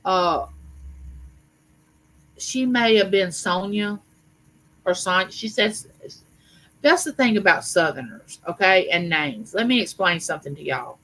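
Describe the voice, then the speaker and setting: A woman, hosting a casual live chat and rambling warmly with fillers and restarts. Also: mid-range voice, animated, unhurried, pauses often, rough recording. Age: 50s. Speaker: livestream host. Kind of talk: casual live chat reading viewer comments.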